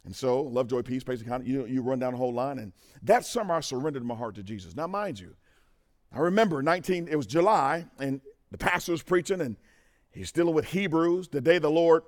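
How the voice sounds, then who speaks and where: A middle-aged man giving a testimony sermon at a men's conference, talking straight to the crowd and moving from quiet to loud. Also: mid-range voice, brisk. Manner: animated, talks to the crowd, swings from quiet to loud. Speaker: conference speaker.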